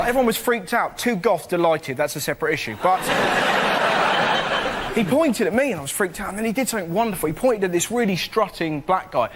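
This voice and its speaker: This British comedian panelist, whose voice sits high, speaks at a normal speed while telling stand-up stories with cheeky animation and laughing at his own gags. The TV studio setting brings loud live-audience laughter and noise.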